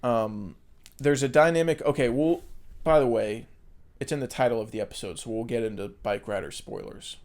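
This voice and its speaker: A man's voice: mid-range voice, moderate pace, darkish tone. A man with an American accent co-hosting a film podcast in casual chat, rambling with lots of fillers and casual swearing. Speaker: podcast co-host.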